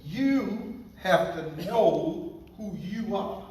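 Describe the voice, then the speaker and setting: A male pastor delivers a sermon with unhurried, drawn-out phrasing and a playful, teasing touch. His voice rings through a very echoey church hall. He sounds set back from the microphone. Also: sits high, expressive, darkish tone, distant mic, slight background noise. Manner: playful, joking with the congregation.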